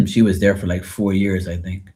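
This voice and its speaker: A man's voice: sits low, dark tone. A man from Bermuda with a Bermudian accent, chatting loosely and rambling to viewers of his live tarot stream. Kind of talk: casual live-stream chat.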